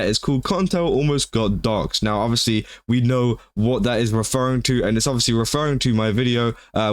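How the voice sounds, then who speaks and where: A man giving casual reaction commentary on a clip, relaxed and filler-heavy, slipping in "bro" and "uh" as he talks. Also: mid-range voice, no echo, studio quality. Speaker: commentary YouTuber.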